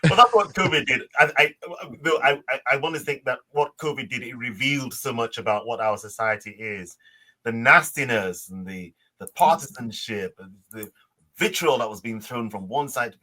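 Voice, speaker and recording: A man's voice: medium pitch, lively intonation, normal speed, sharp tone. A man who is a physician, a guest on a podcast, speaking earnestly and with emphasis in casual talk. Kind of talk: casual interview chat.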